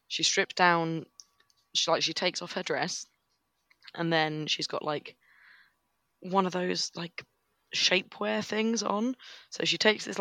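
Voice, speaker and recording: A man's voice: a little high, gravelly, pushed and bright, no room sound. A man co-hosting a podcast, telling crude workplace stories in a wry, casual way. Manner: crude, wry storytelling with laughs. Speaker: podcast co-host. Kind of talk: casual storytelling chat.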